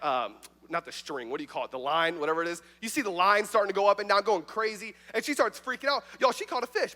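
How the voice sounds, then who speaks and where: A man's voice: high voice, bright, forceful tone. A young man, preaching a casual, joking youth sermon as youth pastor, full of likes and fillers. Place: church youth service. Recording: reverberant church hall.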